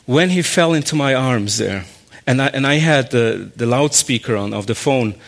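A man speaks at an ordinary mid-range pitch as he shares a personal faith story. He is earnest and a little halting, restarting his sentences and slipping in short laughs as he goes. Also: expressive, vocal fry. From raised in a Muslim family. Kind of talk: personal testimony talk.

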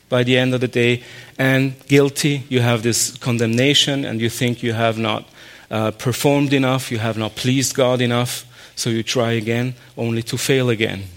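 Guy sharing his testimony, earnest and halting, keeps restarting sentences, mid-pitched voice. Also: fairly even intonation. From raised in a Muslim family. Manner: earnest, halting, with frequent restarts and short laughs. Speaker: speaker sharing a personal faith story. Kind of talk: personal testimony talk.

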